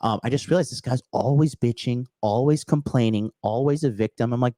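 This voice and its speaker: A man's voice: medium pitch, a little fast, few pauses, warm tone, dry recording. A man hosting a call-in dating advice show, talking bluntly and profanely in a lecturing way. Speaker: dating coach host.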